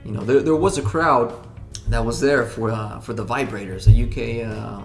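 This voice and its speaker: A man's voice: medium pitch, steady tone, normal speed, creaky. A man, a rock band member, chatting in an interview, rambling with many restarts and fillers. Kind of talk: casual interview chat. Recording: roomy sound with background music.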